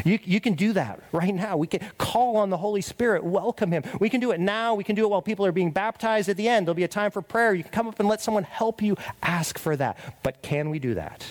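A middle-aged man preaching a sermon as pastor, confessional and emphatic, tagging points with "right?" and dropping to a quiet, earnest voice in prayer. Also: high-pitched, fast, hardly any pauses.

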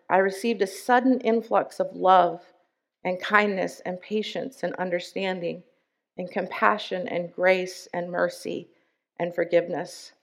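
A woman speaking at a church service, reading a member's testimony aloud in an earnest, deliberate way with emphatic pauses. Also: mid-range voice.

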